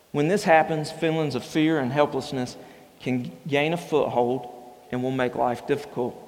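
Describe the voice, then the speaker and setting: A man preaching a sermon as pastor, mixing scripture teaching with relaxed personal stories. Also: mid-range voice. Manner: conversational storytelling with personal anecdotes. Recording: long reverb in a large hall.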